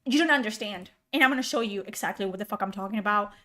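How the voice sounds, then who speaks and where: A woman's voice: mid-range voice, racing, sharp tone. A woman live streamer in casual chat, exasperated and swearing often.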